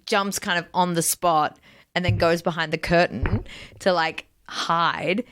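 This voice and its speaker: A woman comedian on a podcast, telling an animated story in casual chat, full of "like" fillers and acted-out quotes. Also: lowish voice, measured pace, clear, resonant tone.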